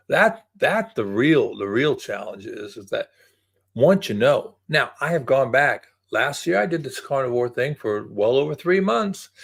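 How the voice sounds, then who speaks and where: A man's voice: mid-range voice, creaky. A man in his early sixties talking to camera in a casual, rambling, reflective way, often repeating words. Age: 60s. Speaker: vlogger.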